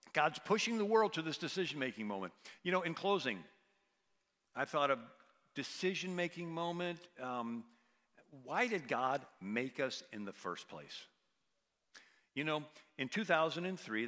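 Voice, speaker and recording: A man's voice: mid-range voice, expressive, normal speed, fairly bright tone, in a large hall. A man giving a preaching talk, telling stories with emphasis and acting out the people he quotes. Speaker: guest speaker.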